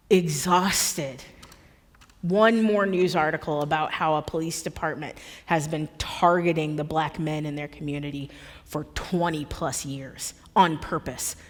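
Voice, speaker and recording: A woman giving an impassioned public talk as a guest speaker in a church, emphatic and forceful, repeating words for effect. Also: low-pitched, big-room sound. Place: church hall.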